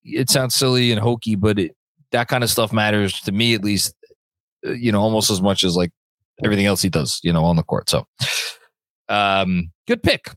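A man's voice: on the low side, steady tone, normal speed, fairly bright tone, dry recording. A man co-hosting a sports podcast, chatting casually and joking between fillers and restarts. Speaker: podcast co-host.

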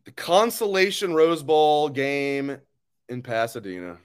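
A man's voice: fairly high pitch, very animated, unhurried, smooth. A man hosting a live sports talk stream, ranting angrily and bluntly, with swearing, as he reads viewer comments. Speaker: sports show host.

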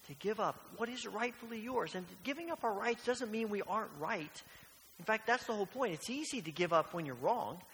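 A man's voice: sits high, a bit bright. A man preaching a sermon as pastor, earnest and questioning, often repeating phrases. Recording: long hall reverb, faint hiss.

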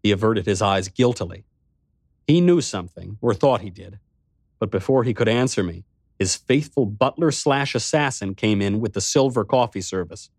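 A man's voice: fairly low pitch, lively intonation, normal speed, darkish tone, no room sound, studio quality. A man giving a first-person scripted narration in a wry, dramatic storytelling manner.

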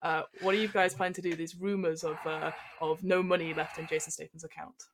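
A woman's voice: sits low, level tone, a little fast, a little hiss or hum. A woman narrating as game master of a tabletop role-playing game, chatty and rambling. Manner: chatty and rambling, full of fillers.

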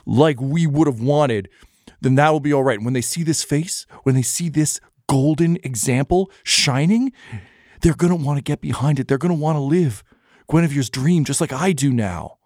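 A man's voice: on the high side, normal speed, darkish tone, no room sound, clean studio sound, pitched above the performer's own voice. A man doing a preachy, unhinged young noble. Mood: earnest preaching. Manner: earnest, preachy, stumbling into awkwardness. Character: unhinged idealistic young male noble revolutionary.

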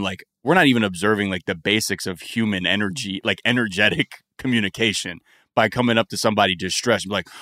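A man's voice: lowish voice, no echo, clean studio sound. A man co-hosting a podcast in casual chat, swearing freely and acting out quoted voices. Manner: profane, animated, acts out quoted voices. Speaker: podcast co-host.

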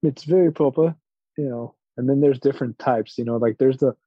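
A man's voice: medium pitch, brisk, slightly rough, no room sound. A man co-hosting a casual podcast chat, talking hesitantly with many fillers. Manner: hesitant, lots of fillers and trailing off. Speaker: podcast co-host. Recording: dull lo-fi mic.

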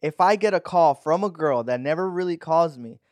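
Laid-back man, slightly higher voice. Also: lively intonation, normal speed, dry recording, clean studio sound. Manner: laid-back, lots of fillers, laughs easily. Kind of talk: casual chat.

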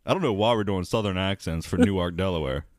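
A man co-hosting a podcast, making wry deadpan asides and swearing casually. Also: deep voice, fast talker, no room sound, clean studio sound. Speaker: podcast co-host.

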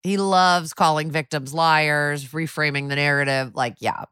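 A woman's voice: sits low, steady tone, a little slow, fairly bright tone, smooth, no echo, clean studio sound. A woman co-hosting a podcast, chiming in with casual, playful agreement. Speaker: podcast co-host. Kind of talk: casual chat.

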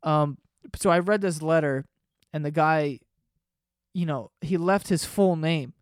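Man host, rambling profane storyteller, slightly high voice, dry close sound. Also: unhurried, clear, resonant tone, no room sound. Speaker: podcast host. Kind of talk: casual storytelling.

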